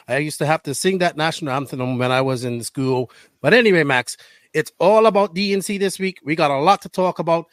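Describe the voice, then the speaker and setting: A man's voice: a little high, a little fast, no echo. A man hosting a casual podcast from a camper set up as a makeshift studio, talking in a joking, playful way. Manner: joking, playful, mock-solemn. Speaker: podcast host.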